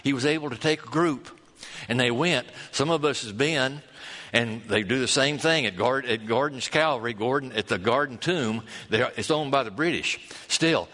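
Guy preaching, folksy, bright ringing voice, big echoey church. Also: mid-range voice. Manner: folksy, storytelling, stretches key words slowly. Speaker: pastor. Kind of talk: sermon. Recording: long hall reverb.

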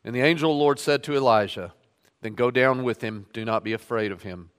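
Male pastor, mid-pitched, sermon reading with emphatic quotes; church hall reverb. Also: fairly quick, clean tone. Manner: reads scripture aloud with rising emphasis on quoted lines. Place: church sanctuary.

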